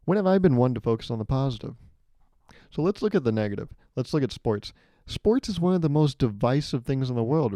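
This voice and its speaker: Young guy rambling sarcastically on his podcast, warm mellow voice, dead dry room. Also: mid-range voice, no room sound. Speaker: podcast host. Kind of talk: solo comedic storytelling.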